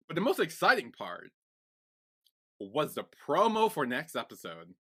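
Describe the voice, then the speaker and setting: A man co-hosting a podcast, recapping a TV series in casual chat, rambling and excitable with lots of fillers. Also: on the high side, a little slow, husky. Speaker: podcast co-host.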